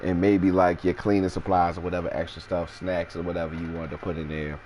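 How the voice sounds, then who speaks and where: Low-voiced guy telling a crazy story, lots of cussing, faint hiss behind. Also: fairly quick. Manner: animated, profane, jumps into high-pitched quoted voices. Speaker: storyteller host. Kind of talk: casual storytelling.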